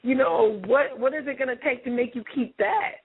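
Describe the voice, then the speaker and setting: A woman's voice: high-pitched, moderate pace, a loud crowd. A woman hosting a call-in radio show, chatty, playful and teasing. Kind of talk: casual call-in chat. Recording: tinny phone line.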